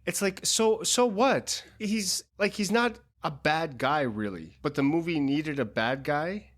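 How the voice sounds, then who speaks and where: A man's voice: fairly high pitch, animated, measured pace, a bit bright. A man co-hosting a casual film-review podcast, making his points earnestly and searching for words. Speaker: podcast co-host.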